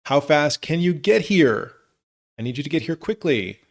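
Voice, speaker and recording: A man teaching English, reading example questions slowly and clearly for learners. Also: a little high, expressive. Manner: slow, clear model phrases for learners. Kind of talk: scripted lesson narration.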